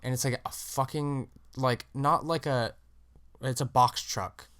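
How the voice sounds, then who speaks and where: A man in his twenties from Southern California, telling a story on a casual podcast with halting starts and many fillers. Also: mid-range voice, steady tone, a bit bright, smooth. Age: 20s. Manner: hesitant, many fillers and restarts. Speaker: podcast co-host.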